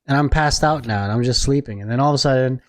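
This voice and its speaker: A man's voice: medium pitch, fast talker, dry recording, studio quality. A man co-hosting a casual podcast, telling a story animatedly, acting out other people's voices and laughing. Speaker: podcast co-host.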